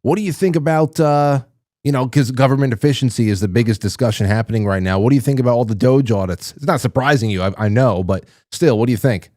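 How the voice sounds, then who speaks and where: A man's voice: mid-range voice, fast, mellow. A male podcast host asking questions in a casual, agreeable way, often stumbling and restarting. His voice sounds close and dry, with no room echo. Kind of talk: casual interview chat.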